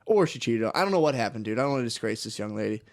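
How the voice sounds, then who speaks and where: A young American man co-hosting a casual comedy podcast tells a rambling, profane story, laughing all the way through. His mid-range voice is expressive and racing.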